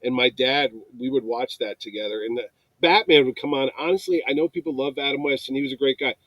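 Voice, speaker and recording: A man's voice: mid-range voice, quick pace, no echo, poor audio. A man in his fifties from New York, a convention producer telling stories in casual chat and acting out the voices of the people he quotes. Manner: animated storyteller, acts out quoted voices.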